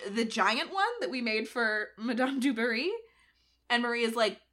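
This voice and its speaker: A young woman with a bright, high-set voice hosts a podcast. She tells a history story in a loose, chatty way and acts out everyone's lines. Her delivery is lively and amused. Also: moderate pace. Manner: animated retelling with acted-out quotes and frequent laughs. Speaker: podcast co-host. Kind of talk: casual storytelling chat.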